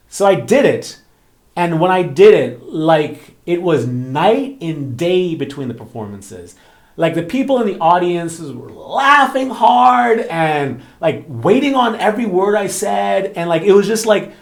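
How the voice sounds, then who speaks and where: A man's voice: on the high side, a little fast. A man, a romance author and channel host, telling a story in casual chat with lots of fillers and acted-out quotes. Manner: animated storytelling, frequent fillers, acts out quoted voices. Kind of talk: casual talking-head chat.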